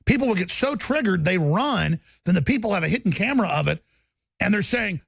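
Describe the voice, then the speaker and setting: A man's voice: sits high, expressive, brisk, creaky, fairly bright tone, slightly rough, dry recording. A man hosting a podcast livestream, ranting sarcastically and mocking people in put-on voices. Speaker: podcast host.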